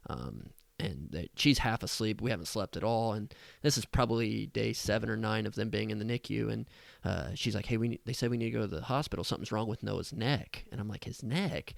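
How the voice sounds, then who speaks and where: A man's voice: on the low side, brisk, gravelly, dry recording. A man who is an associate pastor, a guest on a podcast, earnestly sharing a personal story in conversation. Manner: earnest, heartfelt, speaks openly about emotion.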